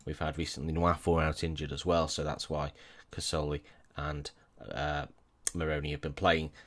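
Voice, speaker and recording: A man's voice: very deep voice, little pitch movement, normal speed. A man talking through a football management game in a casual, chatty way, with wry asides and frequent self-corrections. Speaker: gaming YouTuber.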